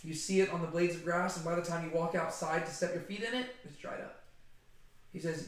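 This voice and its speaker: A man giving a casual, animated Bible study talk, chatty and conversational, often checking in with "right?". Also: on the high side, fairly quick. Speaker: Bible teacher. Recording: very echoey room.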